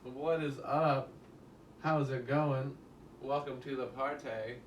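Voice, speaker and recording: A man voicing an overly friendly, drawling man who welcomes a stranger, his speech slow, drawn out and pitched up. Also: fairly even intonation, natural voice. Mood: jovial. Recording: roomy echo, mic at a distance, faint background hum.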